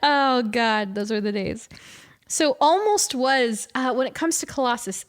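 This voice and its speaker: A woman in her forties co-hosting a casual podcast chat, telling stories animatedly and correcting herself as she goes. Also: fairly high pitch. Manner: animated storyteller, quick self-corrections. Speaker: podcast co-host.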